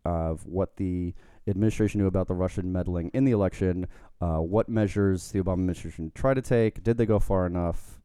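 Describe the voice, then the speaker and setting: Low, mellow-voiced man, dry wit. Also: fairly even intonation, fairly quick, clear, resonant tone, no room sound. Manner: dry, wry joking. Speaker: podcast co-host. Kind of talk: casual chat.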